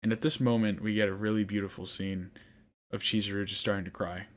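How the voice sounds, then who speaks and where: A young man talks through an anime's finale in a loose, rambling way, restarting his sentences and getting frustrated. His voice sits on the low side. It has the casual feel of a podcast host's solo episode. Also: level tone, quick pace, a bit bright. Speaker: podcast host. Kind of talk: casual anime recap monologue.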